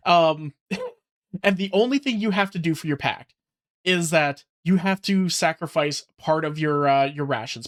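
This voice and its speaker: A video-reaction host rambles through ideas with many fillers and frequent laughs. The voice sits at a middle pitch and is relaxed and casual.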